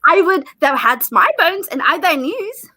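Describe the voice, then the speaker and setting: A woman's voice: extremely high pitch, expressive, a little slow, sharp tone, exaggerated voice, poor audio. A woman playing an impatient young girl in love in a Shakespearean stage drama, pleading and theatrical. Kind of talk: Shakespearean stage acting over video call.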